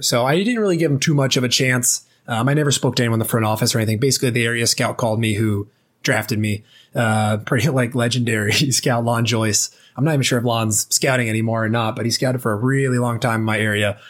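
A man's voice: medium pitch, quick pace. A man in his late twenties, a former ballplayer, telling his story casually as an interview guest, loose and chatty with many fillers. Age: late 20s.

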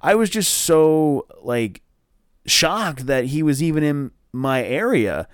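Rambling, excitable wrestling podcast guy. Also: fairly high pitch, slow, clear, resonant tone, no echo, studio quality. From northern New Jersey. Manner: rambling, excitable, many fillers and swears. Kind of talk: casual solo review show.

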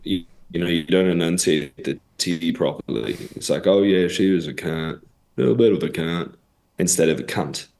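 A man's voice: low-pitched, fairly quick, vocal fry, darkish tone. A man with an English accent, a comedian guest chatting casually and telling jokes with plenty of swearing. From England. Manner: profane, joking storyteller. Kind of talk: casual podcast chat.

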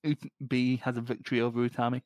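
A man with a light Scottish accent, co-hosting a podcast in casual chat, ranting with plenty of swearing and quick laughs. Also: medium pitch, flat delivery, a little mellow, dry recording, highs cut off. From Scotland. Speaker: podcast co-host.

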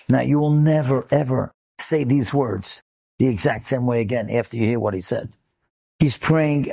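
A man's voice: medium pitch, creaky, a little mellow, husky. A man, a rabbi, telling an inspirational story with emotive delivery that rises in intensity. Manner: emotive, builds to rising intensity.

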